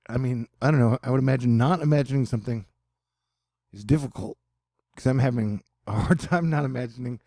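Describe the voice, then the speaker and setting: Man, casual news commentary, joking asides, gravelly, dry close mic. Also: medium pitch, a little fast, dark tone, no echo.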